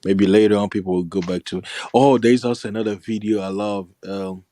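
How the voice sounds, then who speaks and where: A man chatting casually on a podcast, close to the mic, often breaking into giggles and high impressions. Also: fairly even intonation, brisk, dark tone, no echo. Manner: giggly, keeps breaking into laughter and falsetto impressions.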